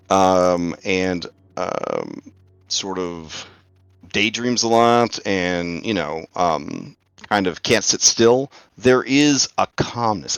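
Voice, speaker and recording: A young man runs a tabletop game over a call, speaking slowly and unhurriedly. His voice sits low and comes through dry and close, with faint music underneath. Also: clean tone, dry recording. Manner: slow, relaxed, thinking aloud with many fillers. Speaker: game master.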